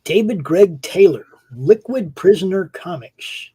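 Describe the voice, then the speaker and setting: A man with a fairly high, husky voice rambles through a casual livestream chat. He talks offhand and swears casually as he co-hosts. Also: animated, measured pace, warm tone, rough recording. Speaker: co-host.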